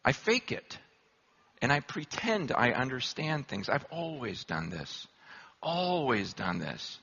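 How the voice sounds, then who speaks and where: A man preaching a sermon, telling self-deprecating stories in an animated, humorous way. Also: medium pitch, slow, gravelly, breathy edge, muffled recording. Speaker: pastor.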